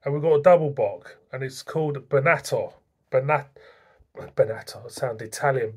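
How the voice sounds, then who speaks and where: A man's voice: mid-range voice, moderate pace, husky. A man reviewing beer in a chatty, self-mocking way, stumbling over foreign names. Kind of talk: casual beer review vlog.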